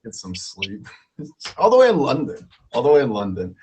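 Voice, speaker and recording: A man's voice: mid-range voice, wildly swooping pitch, moderate pace, a little mellow, slight background noise. A man hosting a live stream quiz in a playful way, laughing often and repeating himself.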